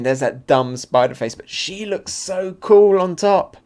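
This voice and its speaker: A man hosting a live comic reaction and review, excitable and thinking aloud with fillers. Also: high voice, unhurried, hardly any pauses, clean tone. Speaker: manga reaction channel host.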